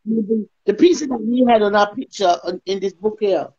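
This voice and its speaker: Here a woman with a husky, mid-range voice tells her story at a moderate pace during an interview. She brings it to life by performing what others said, and the call audio is lo-fi.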